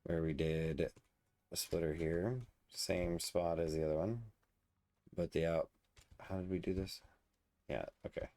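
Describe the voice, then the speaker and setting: A man's voice: sits low, little pitch movement, measured pace, pauses often, warm tone. A man casually commenting on his gameplay, muttering and thinking aloud as he builds. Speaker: let's play host.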